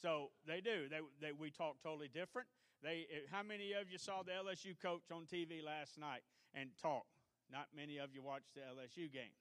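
Chatty preacher, higher voice. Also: male voice, fairly even intonation, fairly quick, fairly bright tone, no room sound. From North Louisiana. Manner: chatty, self-deprecating, homespun asides. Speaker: guest preacher, assistant pastor. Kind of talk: folksy church sermon opening. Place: church sanctuary, live service.

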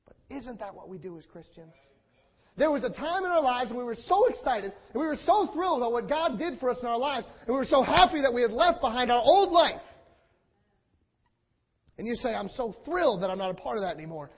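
A man's voice: very high-pitched, animated, brisk, breathy edge. A man preaching a sermon with passion, repeating phrases in rhetorical build-ups and acting out the quotes. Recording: dull lo-fi sound.

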